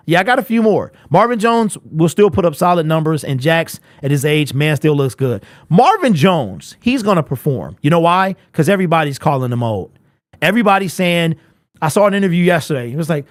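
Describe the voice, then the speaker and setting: A young man hosting a casual sports fan live stream, animated and chatty, answering viewers in chat. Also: on the high side, a little fast, no room sound, studio quality. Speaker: host of a fan livestream.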